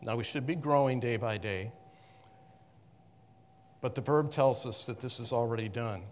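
Halting man teaching Scripture in a hall. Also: medium pitch, a little hiss or hum. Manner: halting, with frequent restarts and self-corrections. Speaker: Bible teacher. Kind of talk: conversational Bible teaching to a congregation. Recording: long reverb of a hall.

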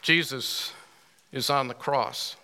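A man preaching to a room, speaking slowly and deliberately with a bright, forceful tone. He reads scripture aloud with rising emphasis and clears his throat often, and his voice rings out with a long hall echo. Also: medium pitch. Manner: asks the audience pointed questions. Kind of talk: sermon. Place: room with listeners.

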